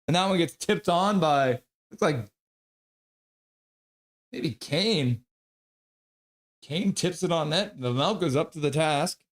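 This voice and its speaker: A man hosting a live hockey stream, calling play-by-play and reading chat aloud, excitable and prone to chanting and yelling. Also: fairly high pitch, slow, pauses often.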